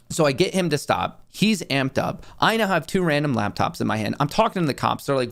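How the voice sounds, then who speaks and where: Young guy hosting his show, tells a story all lively, pitch jumping up and down, slightly high voice. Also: fast, gravelly, few pauses. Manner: animated, acts out the people in his story. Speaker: show host. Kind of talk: casual storytelling.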